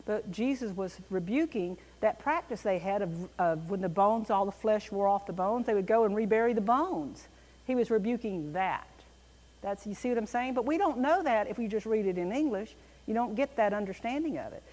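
A woman teaching a Bible class in an animated, emphatic way, with a reverberant room around her. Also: mid-range voice, moderate pace.

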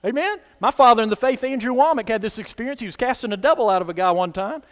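A man's voice: extremely high pitch, lively intonation, fast talker, big-room sound. A man preaching a sermon as pastor, emphatic, with call-and-response asides to his listeners.

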